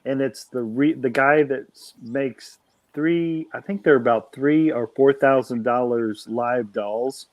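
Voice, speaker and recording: A man's voice: medium pitch, takes it slowly, dry recording. A man telling rambling, joking stories in a casual group conversation.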